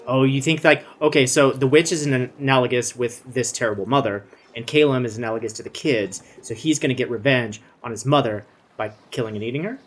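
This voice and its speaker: A man's voice: mid-range voice, a little fast, hardly any pauses. A man co-hosting a casual let's-play, joking and exclaiming as he plays. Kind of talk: casual gaming banter.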